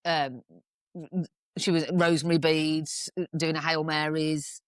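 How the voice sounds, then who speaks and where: A woman speaks as a guest in a casual podcast chat, her voice pitched low and recorded close and dry. She tells her story frankly, with dark humor and plenty of swearing. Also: level tone, slow, smooth, dry recording.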